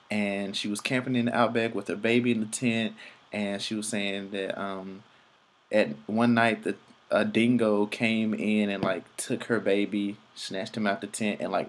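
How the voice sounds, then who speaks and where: A young man telling travel stories in a loose, rambling vlog, full of fillers and swearing. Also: on the low side. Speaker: vlogger. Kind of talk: casual travel vlog narration.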